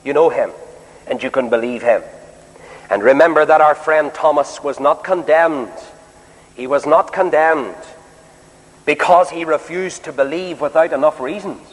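Male preacher, emphatic sermon delivery with rhetorical questions, higher voice, long hall echo. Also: normal speed.

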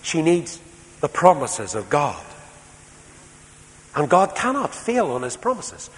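A man preaching a sermon as a storyteller, moving between soft, quiet passages and loud, emphatic ones. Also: a little high, huge pitch swings, takes it slowly. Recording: reverberant hall, faint background noise.

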